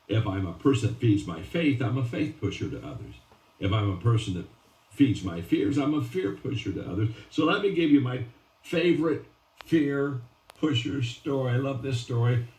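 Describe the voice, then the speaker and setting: A man giving a motivational talk with stories, stressing and repeating key phrases and restarting his sentences often. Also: mid-range voice. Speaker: motivational speaker. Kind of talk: motivational speech with storytelling. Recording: roomy and distant from the mic.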